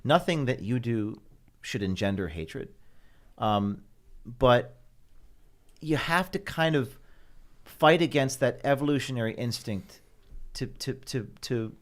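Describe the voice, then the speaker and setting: A man's voice: mid-range voice, expressive, takes it slowly, long pauses. A man in his thirties talking as a guest on a panel discussion, repeating words as he searches for his phrasing. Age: 30s. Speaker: guest journalist.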